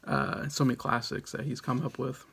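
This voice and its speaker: A man's voice: mid-range voice, level tone, moderate pace, gravelly, a bit bright, husky. A man in his late thirties hosting a casual countdown video, rambling and chuckling with lots of fillers and restarts. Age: late 30s. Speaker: video host.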